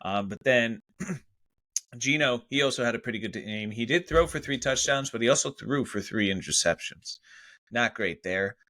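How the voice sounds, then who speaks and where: A man co-hosting a podcast, talking fantasy football in an easygoing way, now and then clearing his throat. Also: medium pitch, expressive, moderate pace, pushed and bright. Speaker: podcast co-host. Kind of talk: casual fantasy football chat.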